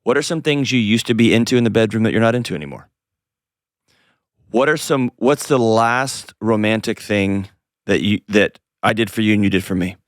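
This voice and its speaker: A man's voice: lowish voice, fairly quick, no echo, clean studio sound. A man hosting an advice call-in show, talking in a direct, coaching way with playful asides. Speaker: host.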